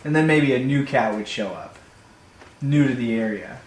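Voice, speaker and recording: A man telling a comic personal story in an animated, playful way, recorded in an echoey room. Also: mid-range voice, moderate pace. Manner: animated, playful, builds to shouts. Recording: echoey room, faint hum.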